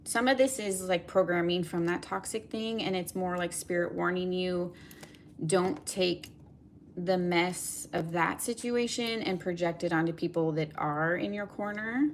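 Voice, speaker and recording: A woman's voice: fairly low pitch, a little hiss or hum. A young woman giving a collective tarot reading, talking in a meandering way with many fillers. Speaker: tarot reader.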